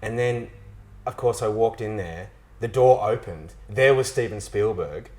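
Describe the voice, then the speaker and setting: A man's voice: fairly low pitch, unhurried, low-quality recording. Australian man telling stories with self-mocking humor. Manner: animated storyteller, self-mocking, frequent restarts. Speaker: actor being interviewed. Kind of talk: casual interview chat.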